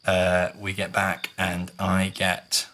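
A man co-hosting a podcast, telling an animated story in casual chat and acting out the voices of others. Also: deep voice, slow. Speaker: podcast co-host recounting a LARP.

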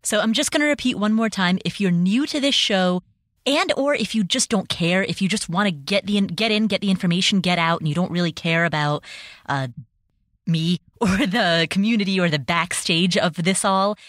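A woman hosting her own podcast, talking on her own in a nervous, quick, self-deprecating way with small jokes. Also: mid-range voice, a bit bright, dry recording, studio quality. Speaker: podcast host. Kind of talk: personal solo podcast talk.

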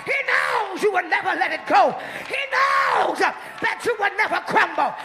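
A woman preacher giving a sermon, shouting and drawing out her phrases to urge the congregation to answer back. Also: very high-pitched, lively intonation, a faint crowd. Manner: shouting call-and-response preaching, drawn-out emphatic phrases.

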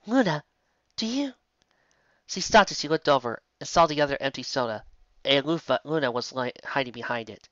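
A woman voicing a gentle, caring elder princess pony mare in a soft, soothing voice, recorded dull and lo-fi. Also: a bass voice, expressive, fairly quick, no room sound.

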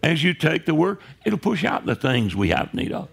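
A man preaches a sermon in a loose, conversational way, often pausing to check in with his congregation. His voice sits a little high and has a gravelly edge. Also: big pitch swings, fairly bright tone. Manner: conversational preaching with frequent "right?" asides. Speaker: pastor. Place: church sanctuary.

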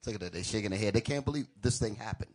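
A man's voice: on the low side, darkish tone. A man adding blunt, informal comments during a sermon. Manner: blunt, informal, quick remarks. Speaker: co-teacher.

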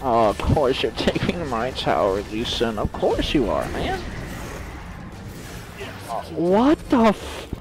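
A young man streaming a video game live, ranting and swearing at teammates, swinging from low mutters to shrieking outbursts. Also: sing-song, unhurried, few pauses, rough recording. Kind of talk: live gameplay commentary. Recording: faint music behind.

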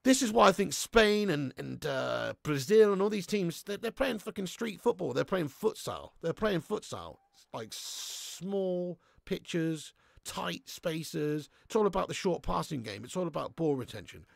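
Brief: young male streamer, very gravelly, slightly high voice, sweary laddish banter. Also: lively intonation, a little slow, no echo, clean studio sound. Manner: laddish banter, swears freely, reads chat aloud, bursts into shouts. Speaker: football watch-along streamer. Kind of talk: live stream chat and commentary.

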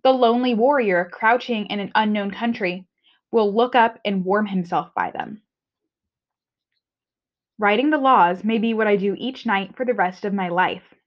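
A woman teacher voicing a patient, steady woman from a legend, reading her lines calmly aloud. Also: mid-range voice, normal speed, lightly acted. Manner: calm storybook read-aloud. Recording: dull lo-fi recording.

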